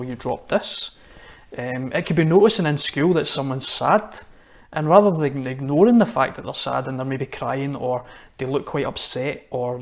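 A Scottish man talks straight to children watching at home. His children's address is chatty and friendly, full of little asides and questions. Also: on the high side. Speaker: church minister. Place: church, online service.

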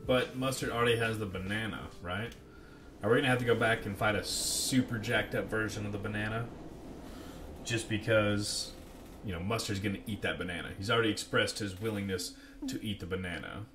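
A man's voice: on the low side, fairly quick, background noise. Playful man commenting on a game. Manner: playful, jokey, talks to himself. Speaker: let's play commentator. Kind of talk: casual gameplay commentary.

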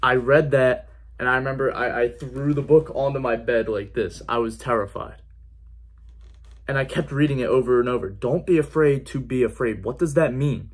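A man's voice: medium pitch, moderate pace. A man giving an earnest personal faith testimony in a conversational vlog style, repeating key phrases for emphasis. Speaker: faith vlogger.

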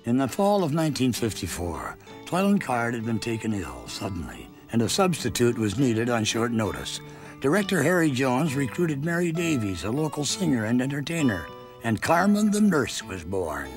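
A man's voice: medium pitch, big pitch swings, moderate pace. Documentary narrator man over music. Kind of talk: scripted narration.

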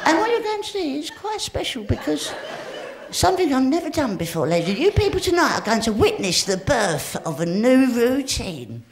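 A woman's voice: high-pitched, wildly swooping pitch, normal speed. A woman performing a live stand-up comedy routine, cheeky and rambling, talking straight to the audience. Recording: echoey live room with crowd laughter and noise. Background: audience laughter.

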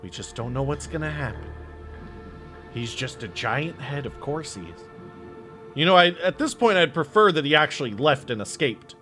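A man commentating his own horror game playthrough, excitable and jokey, swearing freely and talking to himself. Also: fairly high pitch, normal speed. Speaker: gaming streamer. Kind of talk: let's-play commentary. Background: game music and sounds.

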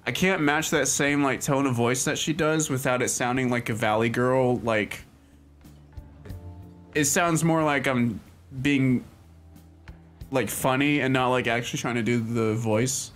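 A man casually chatting and rambling as he streams a game, full of fillers and quick laughs. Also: medium pitch, fairly bright tone. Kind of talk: casual gaming commentary. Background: game music.

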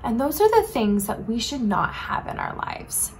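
Woman, children's sermon, casual storyteller, asks kids questions, animated, highish voice. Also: normal speed, vocal fry, slight background noise. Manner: casual, says "like" often. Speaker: children's ministry teacher.

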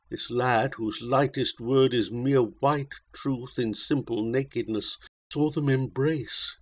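A man reading a narrative poem aloud as an audiobook narrator, slow and measured. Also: medium pitch, steady tone. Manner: slow, measured, dramatic recitation.

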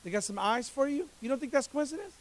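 High-voiced, energetic male pastor. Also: fast talker. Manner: energetic, conversational, jokes with the congregation, asks rhetorical questions; repeats words when speeding up. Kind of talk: sermon. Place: church service.

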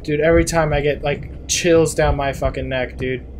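A man talking through a horror game in a slightly high voice, half muttering and swearing under his breath whenever something startles him. Game sounds carry clearly beneath his voice. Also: fairly even intonation, moderate pace, noisy background. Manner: jumpy, mutters to himself, swears when startled. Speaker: gameplay YouTuber. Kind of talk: horror game let's play commentary.

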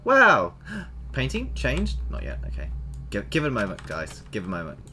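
A man giving casual, animated commentary while playing a horror game, exclaiming and chatting to his viewers. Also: on the low side, moderate pace. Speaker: let's play gamer.

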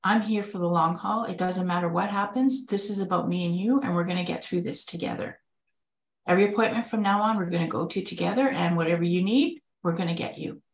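A woman's voice: on the low side, fairly quick, reverberant, low-quality recording. Candid woman telling a personal story. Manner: candid, conversational, acts out quoted dialogue. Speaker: spouse of a kidney patient, webinar speaker.

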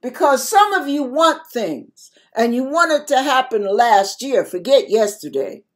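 A woman's voice: high-pitched, expressive, unhurried. An older woman giving a spoken devotional sermon to her viewers, emphatic and repetitive as she exhorts them. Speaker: christian video preacher.

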